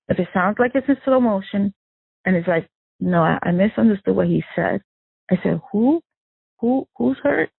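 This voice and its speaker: A woman recounting a painful family loss in an emotional interview, halting and distressed with many restarts. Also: mid-range voice, creaky, breathy edge, dry recording. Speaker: victim's sister recounting events. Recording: narrow phone-line audio, dry.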